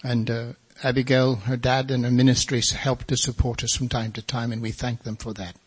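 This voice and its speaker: An older man preaching his own testimony, with a husky, slightly breathy voice. He tells his story in a folksy way and slips into other people's voices as he goes. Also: mid-range voice, flat delivery, normal speed. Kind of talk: testimony sermon.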